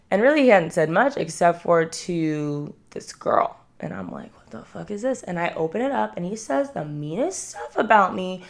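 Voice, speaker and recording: A woman in her twenties, hosting a podcast and telling candid, self-mocking stories in casual chat, swearing freely. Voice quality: low voice with vocal fry. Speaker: podcast host. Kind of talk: casual confessional storytelling.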